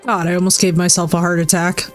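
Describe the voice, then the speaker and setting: A woman's voice: fairly low pitch, flat delivery, fast talker, soft background music. Playful, swearing woman streaming a game. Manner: playful, swearing, laughing, chatting with viewers. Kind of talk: casual live-stream chat over gameplay.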